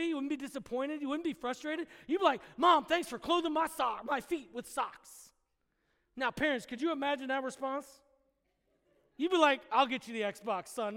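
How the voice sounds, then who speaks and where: A man with a very high voice preaches to his congregation, chatty and informal, then breaks into sudden loud exclamations. His voice rings through a church hall with a long echo. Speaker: pastor. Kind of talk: sermon.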